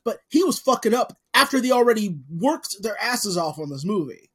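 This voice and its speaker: A man's voice: high-pitched, sing-song, moderate pace, a bit bright, husky. A man co-hosting a podcast, giving blunt, profane opinions in casual chat. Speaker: podcast co-host.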